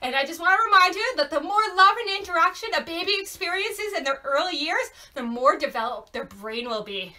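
A young woman hosting a library storytime from home, talking to parents and babies in a bouncy, animated sing-song. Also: very high voice, brisk, few pauses. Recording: voice a bit far from mic.

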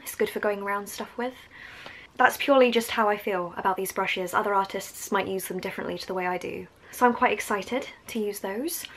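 Recorded at home in low quality with slight background noise, a bubbly young Essex woman vlogs about art, chatting eagerly and wandering onto tangents. She has a strong Essex accent and a medium-pitched, slightly bright voice.

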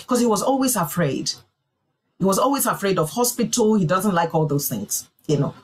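A woman's voice: lowish voice, sing-song, normal speed, long pauses, slightly rough, rough recording. A woman pastor preaching a sermon, driving her points home with emphatic repeated phrases.

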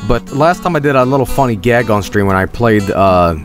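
A man streaming a video game, chatting casually to viewers in a joking, excitable way and swearing freely. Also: mid-range voice, a little fast, faint music behind. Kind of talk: casual gameplay commentary.

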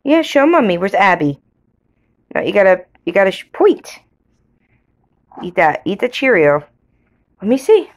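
A mother coaxing her toddler with slow, sing-song questions. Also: mid-range voice, very animated.

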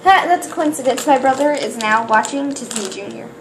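A woman opening toy blind bags on camera in casual chat, excitable and gasping, who rambles with trailing restarts. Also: high-pitched, a little fast, noisy background. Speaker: toy unboxing vlogger.

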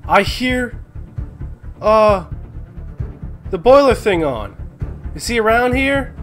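A young man giving live, excitable commentary on a game he plays, swearing and yelling when surprised. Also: high-pitched, slow pace, faint music behind. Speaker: gaming commentator.

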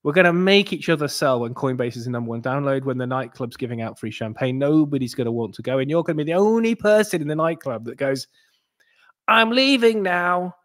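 A man hosts his own crypto channel and talks casually to his viewers. His delivery rambles, with many restarts and asides. He swings between low, mumbled stretches and sudden animated bursts. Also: fast talker, hardly any pauses.

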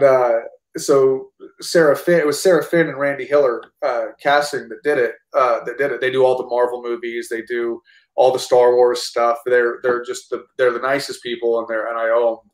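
A man's voice: mid-range voice, flat delivery, a little fast. An American man in his thirties, an actor and army veteran, telling stories in a casual interview with many restarts and some swearing. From United States. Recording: roomy echo.

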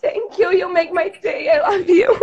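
A woman's voice: very high-pitched, expressive, normal speed, darkish tone, lo-fi sound. A woman fan on a video call, overjoyed, tearful and gushing. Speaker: fan caller.

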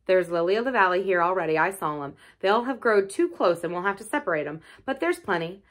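A woman's voice: on the low side, expressive, brisk, natural voice. A woman voicing a cheerful twelve-year-old moorland boy with a broad Yorkshire dialect and an easygoing, earthy manner. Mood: friendly.

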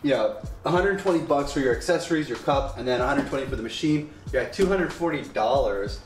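A man's voice: mid-range voice, animated, a little fast. A man casually demonstrating a home coffee setup, chatty and rambling with joking asides. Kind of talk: casual product demo. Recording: echoey room with faint music.

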